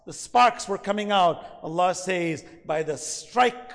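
A man giving a sermon, impassioned, swinging between loud emphasis and soft asides. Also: high-pitched, animated, slow pace, gravelly. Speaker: preacher. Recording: long hall reverb.

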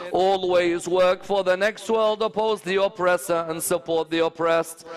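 Preacher voicing a dying old holy leader. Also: male voice, high-pitched, fairly bright tone, poor audio. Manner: solemn, measured counsel. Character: dying elderly male holy leader giving final counsel.

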